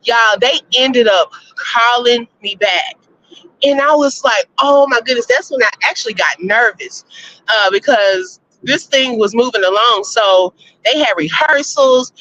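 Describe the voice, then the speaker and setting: A woman hosting a casual live-stream chat, reading viewer votes and telling stories, animated and laughing often. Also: a little high, unhurried. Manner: chatty, animated, laughs often, addresses listeners as y'all. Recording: slightly muffled lo-fi audio.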